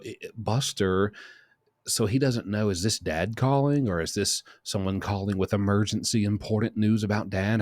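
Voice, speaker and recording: Man, low voice, casual commentary, chatty, very dry close sound. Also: a little mellow, dry recording. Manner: chatty, shifts into quoted voices. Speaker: host.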